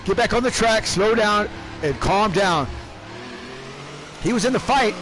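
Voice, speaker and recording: High-voiced, excitable male race commentator. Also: noisy background. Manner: animated, shouting in bursts, repeats words rapidly. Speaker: race commentator and league team owner. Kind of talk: excitable live sim-racing commentary.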